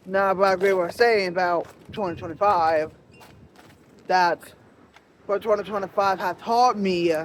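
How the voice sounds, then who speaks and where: A man talking in a personal reflective vlog, halting and earnest, searching for his words. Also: high-pitched, a little hiss or hum. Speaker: vlogger.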